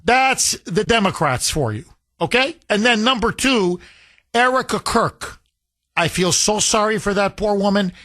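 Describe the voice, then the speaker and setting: A male talk radio host with a fairly high voice talks indignantly, his pitch climbing as he gets worked up. He sounds animated and pointed, with a clean studio sound. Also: a little slow. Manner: animated, indignant, repeats phone number.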